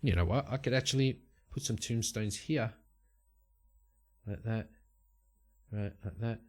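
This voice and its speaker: Slow low-voiced man narrating a solo game. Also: darkish tone. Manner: musing aloud, rolling dice and checking tables as he goes. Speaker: host and solo game player.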